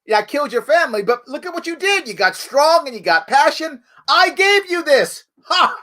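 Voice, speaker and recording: A man's voice: extremely high pitch, big pitch swings, normal speed, sharp tone, pitched above the performer's own voice, exaggerated voice. A man putting on a gloating villain in a sarcastic, exaggerated retelling of a film scene. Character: mocking male villain gloating over a captive.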